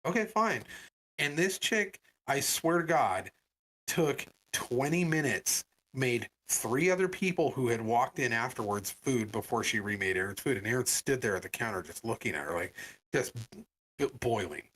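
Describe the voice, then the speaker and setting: A man co-hosting a podcast, telling a story in casual chat and acting out the people he quotes. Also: moderate pace. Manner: animated, voices quoted people with big pitch jumps. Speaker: podcast co-host.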